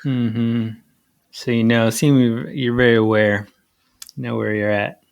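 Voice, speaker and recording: Relaxed man hosting a podcast. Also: mid-range voice, takes it slowly, gravelly, dull audio. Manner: relaxed, laughing, loosely phrased. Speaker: podcast host. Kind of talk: casual interview chat and outro.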